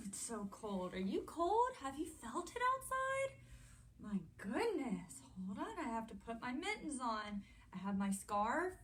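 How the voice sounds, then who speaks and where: A young adult woman hosting a children's story time, animated and playful as she talks to the kids. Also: on the high side, slight background noise.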